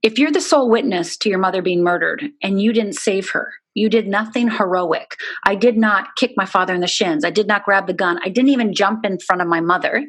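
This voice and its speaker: A middle-aged woman, a guest in an interview, telling a deeply personal story in an earnest, candid way with many "you know"s. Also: a little fast, hardly any pauses.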